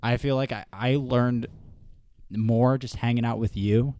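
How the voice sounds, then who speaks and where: A man's voice: medium pitch, steady tone, measured pace, dark tone, clean tone, no echo, clean studio sound. A man in his twenties hosting a casual podcast chat, laid-back and reminiscing, often saying "dude" and "oh my gosh". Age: 20s. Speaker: podcast host.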